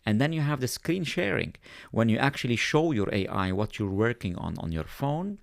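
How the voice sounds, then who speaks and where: A man speaking as a podcast guest, explaining at length in a thoughtful way and pausing on fillers. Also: medium pitch, big pitch swings, gravelly, no echo, clean studio sound. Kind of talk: conversational explaining.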